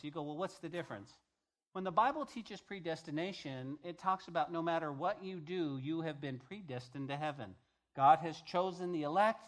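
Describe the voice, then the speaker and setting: A man's voice: a little high, a bit bright. A male pastor giving a conversational sermon, reading scripture aloud and paraphrasing it in everyday speech.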